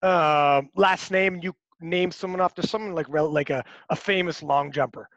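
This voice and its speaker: A man in his forties hosting a casual chat, telling profane, animated stories. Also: on the high side, normal speed, no room sound, muffled recording. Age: 40s.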